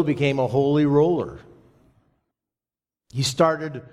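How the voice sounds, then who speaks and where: A pastor preaching a sermon to his congregation, slow and emphatic with dramatic pauses. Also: fairly high pitch. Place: church sanctuary. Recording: long reverb of a church hall.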